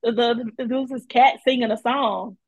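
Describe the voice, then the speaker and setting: A woman co-hosting a podcast in casual chat, sassy and animated, telling stories with lots of laughter. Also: a little high, normal speed, slightly rough, dry recording. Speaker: podcast co-host.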